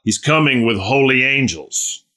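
A man's voice: lively intonation, unhurried, sharp tone. Earnest, emphatic male preacher. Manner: earnest, emphatic, repeats phrases, rises in pitch on key words; many restarts and rhetorical questions. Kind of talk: sermon.

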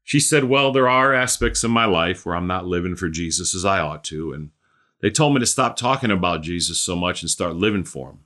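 A man's voice: low voice, expressive, a little fast, pushed and bright. A man preaching a sermon, telling a story and building to emphatic exhortation.

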